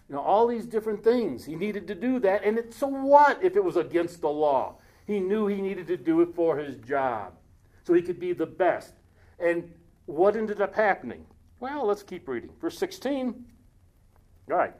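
A man preaching a casual sermon, reading scripture aloud slowly and breaking off into joking asides. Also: sits high, very animated, darkish tone.

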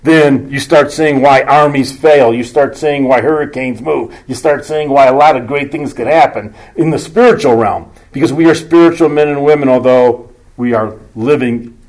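A male preacher with a mid-range voice teaches from the Bible, reading scripture slowly and with emphasis. He then slips into quieter, conversational asides full of dry humor and rhetorical questions. The audio is poor.

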